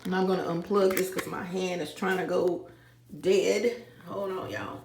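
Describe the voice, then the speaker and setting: A woman's voice: lowish voice, steady tone, unhurried, creaky, a little mellow, slight background noise. A woman vlogging in a casual monologue, talking emphatically straight to her viewers and repeating her points. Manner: emphatic, repeats phrases, addresses viewers as y'all. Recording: echoey room.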